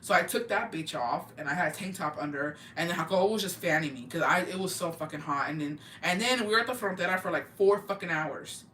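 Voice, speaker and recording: Bright-voiced woman spilling a storytime, cussing nonstop w spanish words mixed in, roomy echo, mic kinda far. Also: lowish voice, quick pace, hardly any pauses, a little hiss or hum. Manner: profane, blunt, switches into Spanish words. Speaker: vlogger. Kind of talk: casual storytime. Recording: echoey room, mic at a distance.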